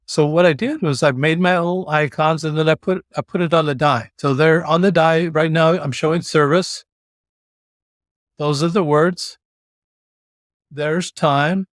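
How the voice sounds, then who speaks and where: A man's voice: a little high, unhurried, dry recording, clean studio sound. Man telling a personal story as a guest. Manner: animated, slips into mock voices and quoted lines. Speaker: podcast guest.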